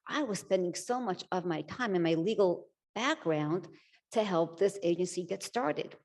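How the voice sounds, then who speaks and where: Emphatic woman judge giving a speech. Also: fairly low pitch. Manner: emphatic, animated storyteller. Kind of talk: inspirational speech. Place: symposium stage at a podium.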